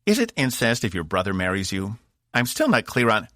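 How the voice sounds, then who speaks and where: A man's voice: fairly low pitch, huge pitch swings, fairly quick, bright, forceful tone, dry recording, clean studio sound, voice pushed up, heavily acted. A man voicing a boastful, teasing male robot with a put-on Cockney voice in an audiobook. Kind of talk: audiobook narration.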